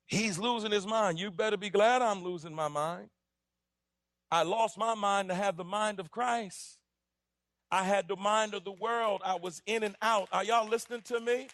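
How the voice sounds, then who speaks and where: High-voiced preaching pastor in his forties. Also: moderate pace, no echo, studio quality. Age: 40s. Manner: impassioned preaching that builds to shouting, with repetition. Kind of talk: sermon. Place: church.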